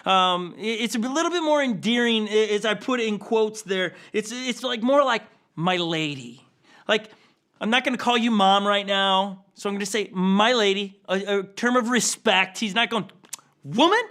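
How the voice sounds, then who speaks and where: High, bright-voiced casual male pastor. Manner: casual and playful, with frequent "okay?" and "like"; acts out quoted characters with a chuckle. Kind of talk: conversational sermon.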